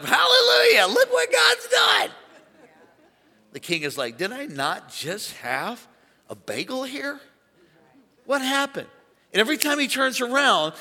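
Male pastor preaching a lively sermon, bright, slightly high voice, long reverb of a large church. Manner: animated preaching, calls for congregation to shout.

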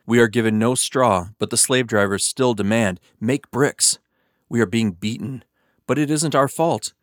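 A man's voice: medium pitch, normal speed, no echo, studio quality, close to an everyday voice. A man reading the lines of a desperate foreman, in a pleading manner.

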